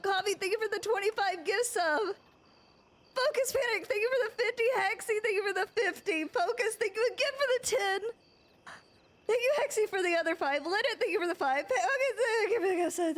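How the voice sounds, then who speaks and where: A young woman streaming a roleplay game, excitable and overwhelmed, swearing as she reacts to her chat. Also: very high-pitched.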